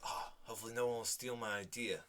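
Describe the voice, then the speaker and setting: A man's voice: mid-range voice, steady tone, fast talker, fairly bright tone. A young man co-hosting a casual podcast chat, teasing and jokey. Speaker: podcast co-host.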